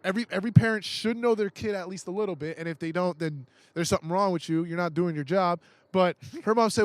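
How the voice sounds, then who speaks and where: A young man with a somewhat high voice tells a story as a podcast guest, swearing freely and acting out what each person said. He restarts his sentences as he gets worked up. The room sounds dry and close. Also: quick pace, few pauses, no room sound. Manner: profane, acts out quoted voices; excitable, restarts often. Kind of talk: casual storytelling. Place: indoors, podcast recording.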